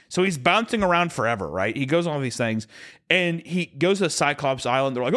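A man's voice: fairly high pitch, very animated, fairly quick, a bit bright, no echo, studio quality. Drunk guy on a podcast, rambling and crude, acts out voices in his stories. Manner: crude, rambling storyteller who acts out characters. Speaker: podcast co-host. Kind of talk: casual chat.

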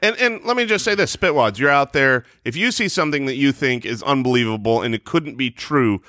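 A man co-hosting a comedy podcast, telling deadpan tall tales in casual banter on a close studio mic. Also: mid-range voice, brisk, dry recording. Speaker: podcast co-host.

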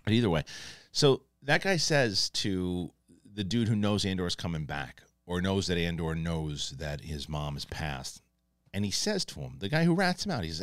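Lively low-voiced man reviewing a show. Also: moderate pace, dry recording, clean studio sound. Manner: excited, rambling, acts out quoted lines. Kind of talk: casual spoken review.

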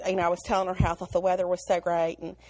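A woman's voice: lowish voice, flat delivery, fast, a little mellow, dry recording. A woman with a Southern American accent co-hosting a casual podcast over an online call, chatty and storytelling with frequent laughs. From Alabama, US South. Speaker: podcast co-host. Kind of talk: casual chat.

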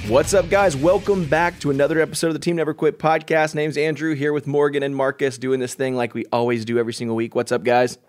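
A man's voice: fairly high pitch, flat delivery, fast talker, few pauses, faint music behind. Upbeat male podcast host. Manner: upbeat, easygoing hosting. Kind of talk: casual chat.

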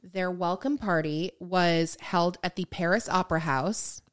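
Smooth-voiced chatty woman podcaster. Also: lowish voice, measured pace. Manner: chatty storyteller, lots of "like" and "um". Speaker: podcast co-host. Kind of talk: casual gossip chat.

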